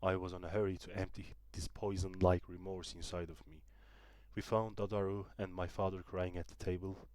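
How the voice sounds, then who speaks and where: Brief: young male student narrator, Turkish native, deep voice, dry close read. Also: level tone, normal speed, darkish tone, no echo. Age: young adult. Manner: careful reading with small restarts. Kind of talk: audiobook narration.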